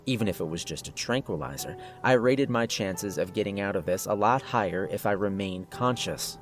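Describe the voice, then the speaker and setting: A man's voice: fairly low pitch, moderate pace, soft background music. A man narrating a first-person horror story in a tense, scripted way.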